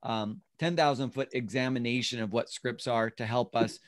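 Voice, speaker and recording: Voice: mid-range voice, fairly even intonation, moderate pace. An instructor teaching an online class over a video call, explaining step by step and acting out sample lines. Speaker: real estate class instructor.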